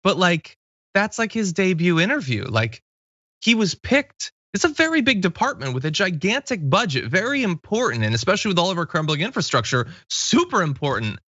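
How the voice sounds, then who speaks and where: A man in his thirties hosting a casual political commentary show, talking in a wry, animated way. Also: high-pitched, a little fast, no echo, dull audio. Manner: wry, animated, mocking impressions. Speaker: news commentary host.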